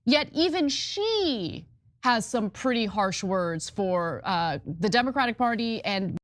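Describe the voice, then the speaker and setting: A woman's voice: fairly high pitch, animated, slow, no room sound, clean studio sound. A woman co-hosting a political talk show, introducing clips with wry commentary. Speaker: co-host.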